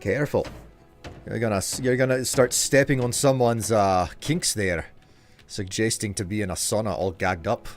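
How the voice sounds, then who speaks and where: A man streaming a game live, chatting and joking as he reacts out loud to what happens in it. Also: fairly low pitch, normal speed, faint music behind. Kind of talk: live gameplay commentary.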